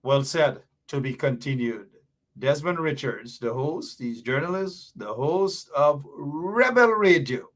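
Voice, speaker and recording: A man hosting a live political talk show, giving animated and emphatic commentary. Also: on the high side, takes it slowly.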